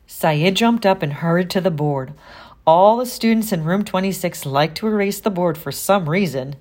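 Low-voiced woman reading a storybook. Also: normal speed, darkish tone. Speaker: audiobook narrator. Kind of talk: storybook narration.

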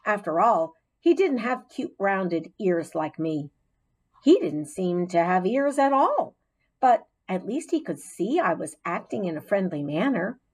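A woman narrating a children's storybook in an expressive, gently dramatic way. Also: mid-range voice, a little slow, husky, poor audio. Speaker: audiobook narrator.

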